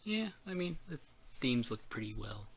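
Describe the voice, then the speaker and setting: A man's voice: mid-range voice, sing-song, normal speed, fairly bright tone, slight background noise. A man co-hosting a casual gaming podcast, rambling loosely and reading bits of an article aloud. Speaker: podcast co-host.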